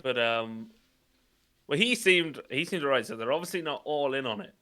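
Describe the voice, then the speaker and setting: A man's voice: mid-range voice, animated, moderate pace, sharp tone. Hesitant Irish man playing a tabletop game. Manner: hesitant, thinking aloud. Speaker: player. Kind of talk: casual tabletop play.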